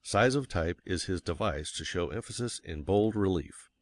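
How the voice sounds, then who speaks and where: A man reading a nonfiction book aloud as an audiobook narrator, measured and stressing key words. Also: sits low, lively intonation. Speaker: audiobook reader. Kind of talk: scripted narration.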